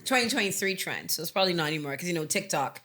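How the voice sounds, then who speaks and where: A woman's voice: fairly low pitch, expressive, racing, a bit bright, a little hiss or hum. A woman co-hosting a casual podcast, reading out word definitions and laughing easily between them. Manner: reads word definitions aloud, laughs often. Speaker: podcast co-host.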